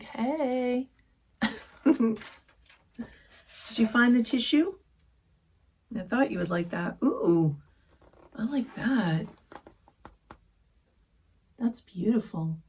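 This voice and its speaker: A woman vlogger chatting through a sewing haul, gushing softly and often dropping to a whisper over fabrics and books. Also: medium pitch, vocal fry, a little hiss or hum. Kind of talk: casual haul chat.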